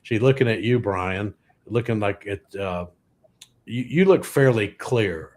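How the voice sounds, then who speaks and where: A man's voice: lowish voice, a little slow, darkish tone. A man, a guest comedian telling rambling anecdotes with dry punchlines. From Louisiana, US. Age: 60s. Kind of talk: comic storytelling on a podcast.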